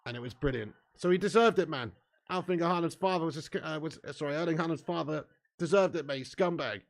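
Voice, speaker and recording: A young man hosting a live football watch-along, bantering with his chat and swearing freely, getting loud when a chance comes. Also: on the high side, quick pace, gravelly.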